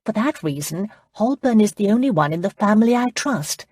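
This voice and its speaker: A woman narrator voicing a lively, outspoken English noblewoman who teases and speaks her mind. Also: medium pitch, brisk, breathy edge, no room sound, studio quality, pitched above the performer's own voice. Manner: teasing, outspoken.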